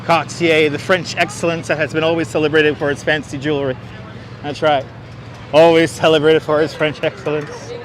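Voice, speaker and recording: A man with a fairly high voice giving sarcastic running commentary as he walks. He talks into a clip-on mic outdoors. Faint traffic hums in the background. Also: little pitch movement, normal speed. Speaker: livestreamer. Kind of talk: casual walking livestream. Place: outdoors on city streets. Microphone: wireless clip-on mic.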